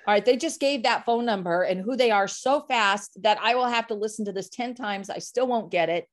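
A woman sales coach talks as a guest in a casual interview, in an animated and emphatic way. She illustrates her points with vivid everyday examples and repeats words for stress. Her voice is mid-pitched. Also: fairly quick.

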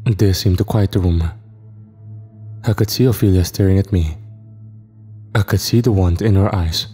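A man narrating a first-person horror story in a steady, reflective way. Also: sits low, normal speed, long pauses, husky. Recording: reverb with faint music.

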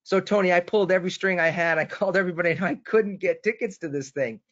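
The dull, lo-fi webinar audio carries a Boston man's high-sitting, fast voice as he presents a sales session. Enthusiastic, he tells a story and turns to his co-host, naming him.

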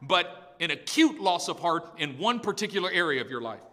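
Pastor guy preaching with punchy repetition, bright high voice, echoey church hall. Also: sing-song, normal speed. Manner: emphatic, storytelling, repetitive. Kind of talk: sermon.

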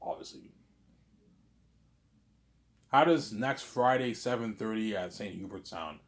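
A young man with a somewhat low voice rambles through a solo monologue. He brags and circles back on the same points. He often trips over and repeats his words. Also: measured pace. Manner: boastful, repetitive, stumbling over words. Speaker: vlogger.

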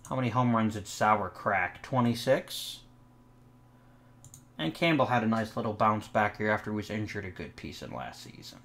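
A young man with a fairly low voice talks through a sports management game as he plays. He thinks aloud about trades and the roster, and sarcastically answers back to his complaining virtual players. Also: lively intonation, moderate pace, fairly bright tone. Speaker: gaming channel host. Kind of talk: let's play commentary.

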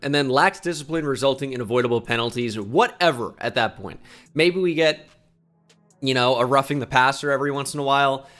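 A man giving casual, joking video game commentary, excitable and swearing freely. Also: medium pitch, a little fast. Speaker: gaming YouTuber.

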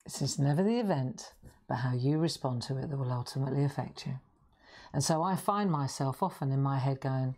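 A woman with a slightly croaky voice hosting a live craft stream, chatting and reassuring her viewers. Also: extremely low pitch, fairly quick, darkish tone. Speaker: craft livestream host. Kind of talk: casual live-stream chat.

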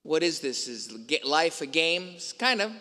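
Bright-voiced priest in a reverberant church. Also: male voice, a little high, expressive, moderate pace. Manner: storytelling, emphatic rhetorical questions. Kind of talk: sermon. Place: large church.

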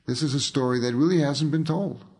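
A man's voice: fairly high pitch, a little fast, darkish tone, breathy edge. An older man, an author and filmmaker, telling rambling anecdotes in a casual interview, full of fillers and restarts.

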